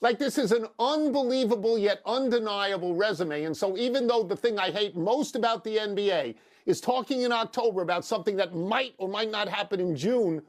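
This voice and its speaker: A man's voice: sits high, brisk, few pauses. A man co-hosting a sports debate show, teasing his partner with wry, dry sarcasm. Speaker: sports talk show co-host.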